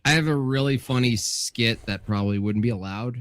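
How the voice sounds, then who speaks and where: A male co-host chatting on a livestream, animated and giggly as he spins out ideas. His voice sits at a middling pitch in a dry, close recording. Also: brisk, no echo. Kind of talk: casual livestream chat.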